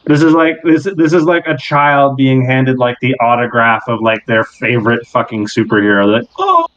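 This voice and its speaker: A man's voice: mid-range voice, normal speed. Man narrating a tabletop game, lo-fi. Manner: animated, rambling storytelling. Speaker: game master.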